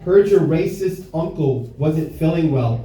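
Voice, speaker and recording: A man's voice: fairly high pitch, animated, a little slow, mellow, very echoey. A young adult man doing a brash, profane stand-up set in a bar, recorded live from a distance. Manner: brash, profane, self-mocking. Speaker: stand-up comedian. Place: bar comedy stage with live audience.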